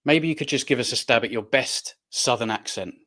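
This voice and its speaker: A man's voice: medium pitch, fairly quick, pushed and bright. A man hosting an interview, asking his guest curious, playful questions. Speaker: host.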